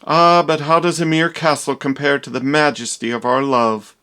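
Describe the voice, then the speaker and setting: A man's voice: a little high, steady tone, moderate pace, pushed and bright, clear, resonant tone. A man playing a vain, dramatic young doctor in a comedy parody, with theatrical, exaggerated delivery.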